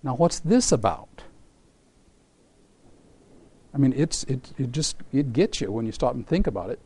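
A man's voice: mid-range voice, sing-song, a little fast, dark tone, slightly rough. A man preaching a sermon. He tells a scripture story with animation, acts out voices in it, and asks rhetorical questions.

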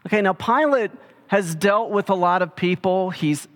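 A man preaching a sermon in a relaxed, conversational way, retelling scripture in everyday speech. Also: high-pitched, normal speed. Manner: casual storytelling, paraphrasing scripture in everyday speech. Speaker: pastor.

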